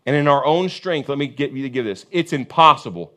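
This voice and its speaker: A man in the pulpit delivering an impassioned sermon. His pitch climbs and plunges widely as he repeats his points, rising to booming emphasis and then dropping to hushed intensity. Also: expressive, brisk. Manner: impassioned, repetitive cadence. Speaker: pastor.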